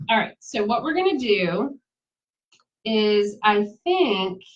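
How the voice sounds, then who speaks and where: A woman giving a casual live craft demonstration, chatty, laughing easily and talking straight to her viewers. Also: medium pitch. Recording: dull lo-fi sound.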